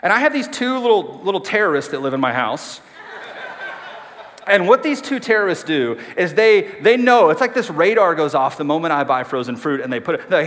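Chatty pastor in a reverberant hall. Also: male voice, fairly high pitch, lively intonation, fairly quick, a bit bright. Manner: conversational, self-deprecating, asks the congregation questions. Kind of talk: sermon. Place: church sanctuary.

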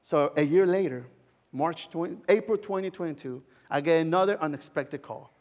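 A male pastor preaching a sermon, telling a personal story in a heartfelt way with soft laughs. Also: fairly high pitch, normal speed, big-room sound.

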